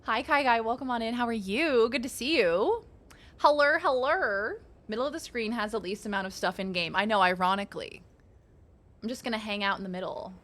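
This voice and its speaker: Bright-voiced woman streamer chatting playfully. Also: a little high, fairly quick. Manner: playful, swears, reads card text aloud, chats with viewers. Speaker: game streamer. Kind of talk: casual live-stream chatter while playing.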